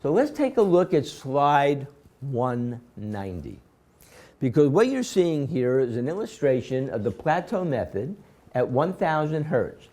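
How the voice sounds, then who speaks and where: A man's voice: mid-range voice, very animated, unhurried, dark tone. A man teaching a class, walking through a procedure step by step and repeatedly quizzing his students with questions. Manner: step-by-step, repetitive explaining. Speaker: instructor. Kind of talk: classroom lecture.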